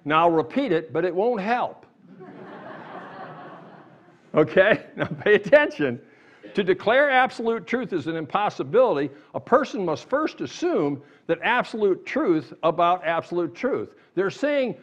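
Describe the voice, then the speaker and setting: Animated preacher man, lo-fi church sound. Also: sits high, a little slow. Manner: animated, rising to emphatic sarcastic outbursts. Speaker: pastor. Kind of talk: sermon. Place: church sanctuary.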